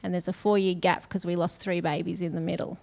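A woman's voice: on the low side, level tone, brisk, vocal fry, darkish tone. A middle-aged woman giving a sermon in a casual, conversational way, often laughing between phrases. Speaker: conference speaker.

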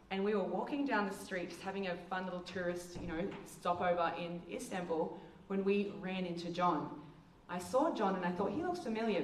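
A woman with a fairly low voice gives a slide talk, telling a story with lively, acted-out dialogue. She sounds a little away from the mic, in an echoey room, with faint ambience behind her. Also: far from the mic, slight background noise. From Australia. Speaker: missions speaker. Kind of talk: presentation with slides. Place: hall with presentation slides.

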